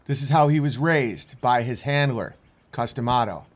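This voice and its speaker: A man's voice: medium pitch, normal speed. A man commentating on video clips in a rambling, intense way, with many restarts.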